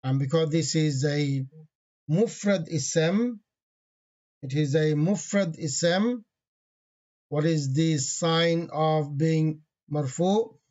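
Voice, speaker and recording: Male teacher, slightly high pitch, patient and repetitive, dull lo-fi recording. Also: a little mellow. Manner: patient, repeats key terms slowly; reads Arabic grammar phrases quickly. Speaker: Arabic grammar teacher. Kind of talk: online grammar lesson.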